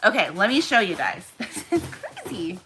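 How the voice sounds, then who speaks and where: A woman's voice: medium pitch, sing-song, normal speed, bright, forceful tone, a little hiss or hum, poor audio. A young woman chatting to viewers on a live stream while packing orders at home, talking freely as she works. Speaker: small shop owner packing orders. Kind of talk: casual live-stream chat.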